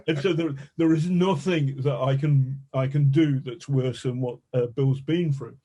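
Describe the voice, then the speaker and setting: A man with a warm, mellow, slightly husky voice tells a story from his reporting days. He talks in a lively, self-mocking way and swears freely. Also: medium pitch, moderate pace, few pauses. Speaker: journalist telling an anecdote as a podcast guest. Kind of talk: anecdotal storytelling.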